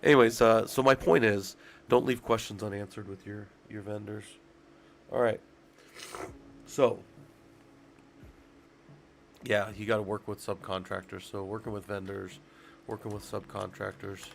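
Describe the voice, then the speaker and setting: Low gravelly congested male streamer. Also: fairly even intonation, measured pace, long pauses, slight background noise. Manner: profane, rambling, talks to chat. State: congested and sick. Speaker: streamer talking through job requirements. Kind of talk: casual live-stream chat.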